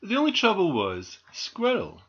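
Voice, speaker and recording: Slow, very expressive male storyteller. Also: sits high, a little hiss or hum. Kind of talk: children's story reading. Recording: dull lo-fi recording.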